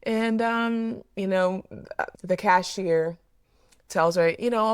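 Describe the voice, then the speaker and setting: A woman's voice: medium pitch, slow pace, clean tone, no echo, studio quality. A woman therapist sharing a personal parenting story in a candid, reflective way, often repeating words as she thinks. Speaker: mental health therapist.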